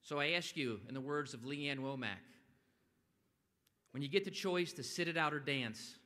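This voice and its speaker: Animated man speaking in an echoing hall. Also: a little high, normal speed. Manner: animated, acts out quotes with loud bursts. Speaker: event speaker. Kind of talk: motivational speech. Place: large stone atrium. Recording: long echo of a large hall.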